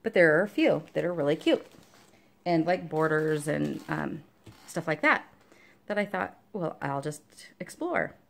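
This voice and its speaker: A woman hosts a relaxed show-and-tell vlog about her cross-stitch projects. She talks in a rambling, chatty way, full of ums and asides. Her voice sits low, with a gravelly fry running through it. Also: a little slow. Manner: chatty and rambling, many fillers; talks to her dog between topics. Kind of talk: casual show-and-tell chat.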